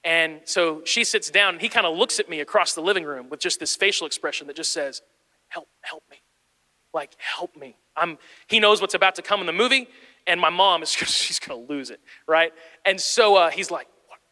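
A man's voice: fairly high pitch, brisk. A man in his thirties, a pastor preaching a sermon, telling a personal story and building to urgent encouragement. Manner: storytelling, animated, rising to urgent exhortation. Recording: long hall reverb.

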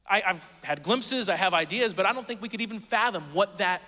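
A man in his thirties, serving as pastor, preaches in a high, brisk voice that sounds pushed and bright. His chatty sermon is full of fillers and stories, recorded in a reverberant church hall.

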